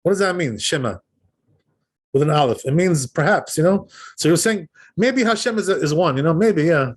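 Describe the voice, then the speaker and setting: Male rabbi, informal class, somewhat raised pitch; chatty, repetitive, keeps checking his listeners follow. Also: lively intonation, moderate pace. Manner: explanatory, repeats words, checks in with "right?" and "you know?"; demonstrates pronunciation aloud. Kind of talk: informal Torah lesson.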